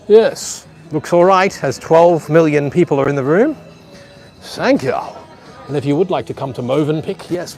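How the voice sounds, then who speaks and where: A man with a mid-range, darkish voice vlogs live from a beach resort's outdoor pool area. Filming on a handheld phone, he gives rambling walking-tour commentary and talks to the people watching from home.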